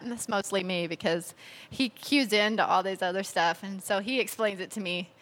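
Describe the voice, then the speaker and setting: A woman's voice: moderate pace, big-room sound. A woman in her thirties giving a chatty talk about marriage, laughing as she tells stories and acting out quotes in a raised voice. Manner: chatty, animated, laughs while telling stories; acts out quotes in a higher, louder voice. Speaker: speaker sharing marriage advice. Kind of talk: personal talk to an audience.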